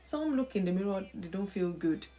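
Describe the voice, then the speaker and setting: A woman hosting a live-stream talk on emotional health, speaking in an expressive, preacher-like way with lively emphasis. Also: medium pitch, normal speed, soft background music. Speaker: host.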